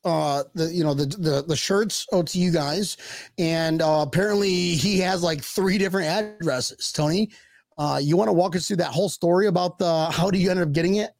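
A man's voice: fairly high pitch, moderate pace, vocal fry, darkish tone, no room sound. A man hosting a casual fan podcast, joking and rambling, laughing often between remarks. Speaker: podcast host. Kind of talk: casual chat.

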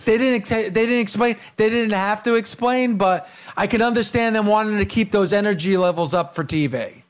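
In a casual chat on a talk show he co-hosts, this man recounts something that happened to him with real emphasis, voicing the quotes of others. He speaks at a normal pace in a clean, high-pitched voice.

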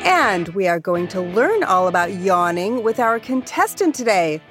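A woman hosting a scripted kids' game show, playful and quick to laugh. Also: mid-range voice, big pitch swings, faint music behind.

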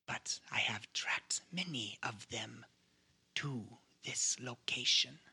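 A man voicing a cold, zealous woman who hunts were-creatures, speaking in a hushed, whispery, menacing way. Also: medium pitch, takes it slowly, vocal fry, breathy edge, full character voice. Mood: icy.

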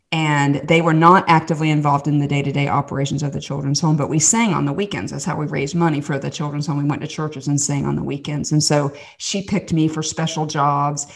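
Woman, low voice, podcast guest, candid testimony, animated and rambling. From Southern United States. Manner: animated storyteller, many restarts and asides.

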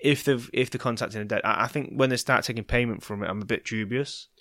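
A British man chats on a podcast, his middle-pitched voice winding through long anecdotes. He swears freely and slips into the voices of the people in his stories. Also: fast talker, sharp tone. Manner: rambling storyteller, swears often, acts out voices in anecdotes. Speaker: podcast co-host. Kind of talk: casual chat.

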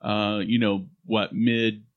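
A man's voice: lowish voice, little pitch movement, slow pace, lo-fi sound. A man co-hosting a podcast in casual chat, with a projected radio-style delivery and frequent restarts. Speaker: podcast co-host. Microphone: studio microphone.

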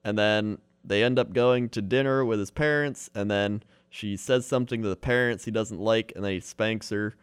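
A man's voice: lowish voice, moderate pace, hardly any pauses, clean tone, no echo, clean studio sound. A man casually retelling a movie plot, filling his talk with "like" and quoted dialogue. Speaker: co-host recapping a movie. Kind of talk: casual chat.

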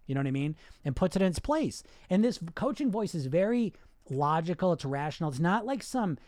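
A man's voice: sits high, a little fast, no room sound. Blunt, profane man coaching, dry sound. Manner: blunt, profane, animated, acts out inner voices. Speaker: weight loss coach. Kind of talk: live podcast monologue.

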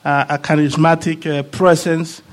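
Man, former player on a panel, halting delivery, repeats himself, voice a bit high. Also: little pitch movement. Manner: halting, repeats words while searching for them. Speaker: guest, former player of the club. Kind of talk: casual panel chat.

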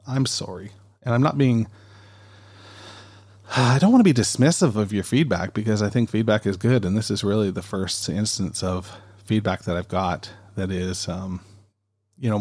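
A man's voice: fairly low pitch, darkish tone, breathy edge. A man hosting a podcast, rambling and chatty in a casual monologue, recorded on a studio dynamic mic. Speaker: podcast host.

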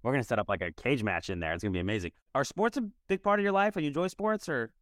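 Upbeat and talking quickly, a podcast host in his thirties interviews a guest casually and with real enthusiasm. His medium-pitched voice has lively intonation. The sound is studio quality, with no room sound.

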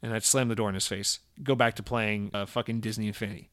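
A man's voice: fairly low pitch, steady tone, fast, a bit bright, dry recording, studio quality. A young man from Georgia with a plain General American accent, a podcast host answering listener letters in a rambling, sarcastic, profane chat. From Georgia, USA. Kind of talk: casual chat.

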